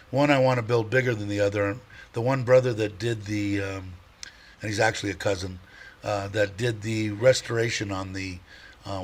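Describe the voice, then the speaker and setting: A middle-aged man hosting a casual livestream, rambling and chatty, laughing often and stopping to restart his sentences. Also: on the low side. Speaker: livestream host.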